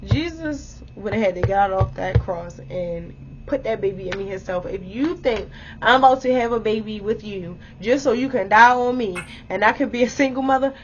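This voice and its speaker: A young woman vlogger telling a story to her viewers in a blunt, animated way, swearing freely and speaking to them directly. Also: medium pitch, normal speed, muffled recording, soft background music. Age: young adult.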